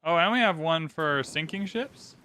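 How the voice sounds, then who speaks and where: A man narrating his own strategy game session with a bright, lively voice and a fairly high pitch. His speech is clear and smooth, chatty and upbeat as he explains each move. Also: moderate pace. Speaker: gaming channel host. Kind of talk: casual gameplay commentary.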